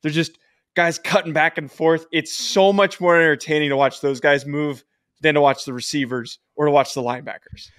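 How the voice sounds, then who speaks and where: A man's voice: on the high side, fairly even intonation, normal speed, fairly bright tone, dry recording, studio quality. A man co-hosting a football podcast in a casual chat, enthusiastic and prone to voice cracks. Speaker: podcast co-host.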